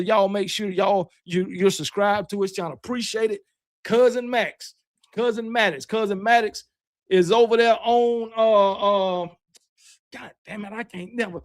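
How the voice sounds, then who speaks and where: A man's voice: sits high, dry recording, clean studio sound. A man with a Southern US accent hosting a fan livestream, rambling and trash-talking loosely, peppering his talk with "man" and "y'all.". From Alabama, US. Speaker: host of a fan livestream show. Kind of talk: casual livestream chat, reading super chats.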